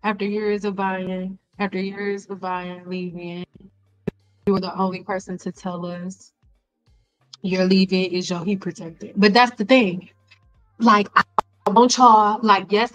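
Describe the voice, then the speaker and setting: A middle-aged woman cosmetologist hosting a casual live stream, blunt and animated, talking straight to her viewers with slang and exasperated repetition. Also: medium pitch, moderate pace, dull audio, faint music behind. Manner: frequent laughs and exasperated repetition. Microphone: desk mic.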